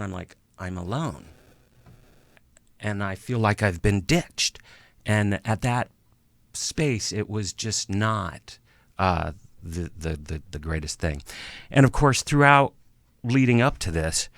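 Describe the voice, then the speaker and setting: An interview guest around fifty tells a personal story haltingly, pausing and restarting, clearly emotional. His voice is lowish, and there's no echo.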